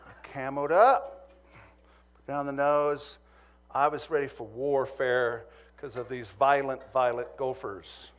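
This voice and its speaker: A man's voice: medium pitch, fairly even intonation, unhurried. A man from Montana preaching a sermon, telling a humorous personal story that turns earnest. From Montana, USA.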